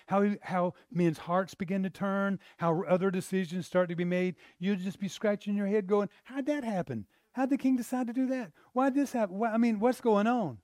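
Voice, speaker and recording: A male preacher giving a sermon, retelling a story with animated energy that swings between quiet and loud. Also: medium pitch, no room sound, clean studio sound.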